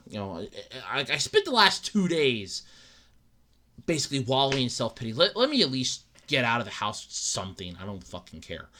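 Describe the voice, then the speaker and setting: A man's voice: medium pitch, pushed and bright. Rambling, upset young man podcasting solo. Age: young adult. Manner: rambling, repeats words, acts out his own thoughts. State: upset and dejected. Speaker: podcast host. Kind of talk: casual solo podcast rant.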